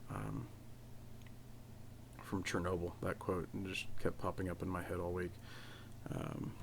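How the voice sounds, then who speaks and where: A man hosts a casual solo podcast from home, his low voice barely moving in pitch. He speaks unhurriedly and gravelly, pausing often and rambling with many restarts and fillers, with slight background noise.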